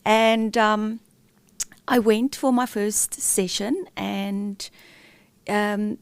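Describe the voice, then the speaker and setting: A woman's voice: mid-range voice, fairly even intonation, extremely slow, smooth, no echo. A middle-aged woman, a podcast guest, telling a candid, emotional personal story with many fillers and restarts.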